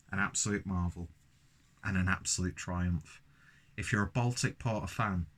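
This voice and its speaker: A young man from London with a London accent, reviewing a beer in an enthusiastic, rambling monologue full of self-mocking asides. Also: low-pitched. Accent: London English.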